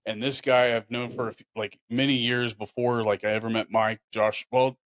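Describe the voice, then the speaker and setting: A man's voice: mid-range voice, moderate pace, no room sound. Guy on a podcast rambling thru old hometown stories, dry close sound. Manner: rambling, animated storyteller with restarts. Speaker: podcast host. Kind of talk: casual storytelling chat.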